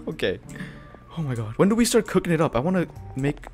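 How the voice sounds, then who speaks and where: A young man giving jumpy, excitable let's-play commentary on a horror game, swearing often and calling the viewer dude. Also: fairly high pitch, moderate pace, pauses often, faint music behind. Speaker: gaming video creator. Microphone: headphones and desk mic.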